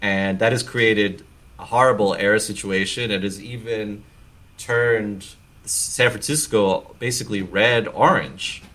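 A man's voice: fairly low pitch, steady tone, bright, forceful tone. A man hosting a casual comedy podcast, telling stories and acting out quoted lines. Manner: storytelling, quick to act out quotes. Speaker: podcast host.

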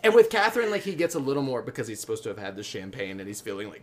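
A man's voice: mid-range voice, darkish tone, slight background noise. Chatty man gushing about films. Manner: enthusiastic, fast, many fillers, acts out lines. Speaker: podcast co-host. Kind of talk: casual film discussion.

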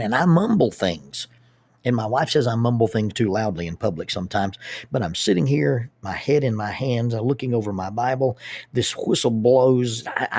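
A man, a public speaker and youth group leader telling a personal story in an animated way, often restarting his words. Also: mid-range voice, no room sound. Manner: animated, with repeated starts and lively asides.

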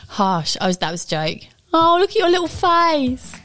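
A woman's voice: very high voice, huge pitch swings, unhurried, a bit bright. A woman co-hosting a casual quiz chat, playful and teasing. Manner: playful, teasing, laughs often. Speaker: co-host.

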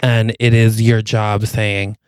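A man co-hosting a podcast, improvising a romantic movie plot, telling it deadpan in the second person. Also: fairly low pitch, takes it slowly, clean tone, no echo. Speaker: podcast co-host. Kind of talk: improvised comedic storytelling.

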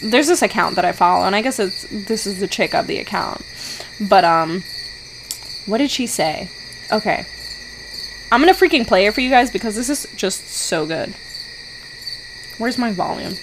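An excitable woman hosts her solo podcast, chatting casually and rambling between thoughts. Her voice sits at an ordinary middle pitch. She peppers nearly every sentence with the same mild swear word. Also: normal speed, long pauses, noisy background. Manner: excitable, peppers speech with "freaking". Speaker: podcast host.

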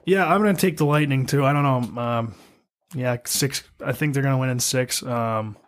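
A man's voice: mid-range voice, moderate pace. A young man hosting a casual hockey podcast, upbeat and chummy with his guests. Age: young adult. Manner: upbeat, chummy, laughs easily. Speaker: podcast host, college hockey player.

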